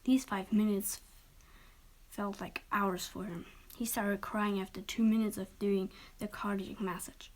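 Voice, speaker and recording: Soft half-whispering woman reading a story. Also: medium pitch, rough recording. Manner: half-whispered, gentle, with small restarts.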